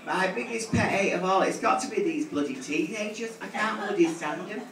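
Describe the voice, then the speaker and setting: A man's voice: sits high, fairly quick, crowd noise. A man doing bawdy drag stand-up, teasing audience members with brash, crude banter. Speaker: drag comedian. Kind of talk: live stand-up with crowd work. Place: large theatre stage. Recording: distant echoey live theatre recording. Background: audience laughter.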